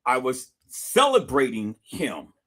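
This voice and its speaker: Animated, profane young man telling a story. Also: medium pitch, takes it slowly. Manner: animated, profane, repetitive and emphatic. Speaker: vlogger. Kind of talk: casual storytelling to camera.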